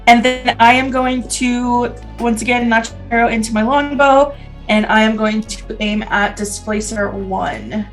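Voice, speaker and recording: A woman's voice: a little high, fairly even intonation, measured pace, soft background music. A woman playing a tabletop game and talking casually, with frequent ums. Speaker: player.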